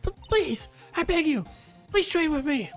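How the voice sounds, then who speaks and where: A woman voicing a frantic young woman who is obsessed with trading cards, pleading in a high, breathless voice. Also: animated, moderate pace, soft background music. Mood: desperate.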